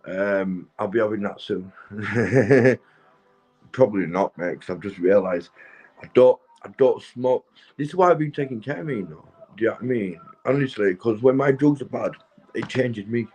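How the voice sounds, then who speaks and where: A middle-aged man, drunk and high, rambling and swearing to his livestream viewers from his sofa at home. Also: expressive, normal speed, darkish tone, rough recording. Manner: rambling, swearing, keeps asking "do you know what I mean". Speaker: livestream host. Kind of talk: rambling casual livestream chat.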